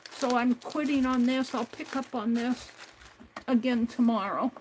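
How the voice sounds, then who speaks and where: A woman's voice: on the high side, fairly even intonation, a little slow, darkish tone, a little hiss or hum. A woman hosting a craft livestream, talking herself through each step at her home desk. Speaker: craft channel host. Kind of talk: casual crafting livestream narration.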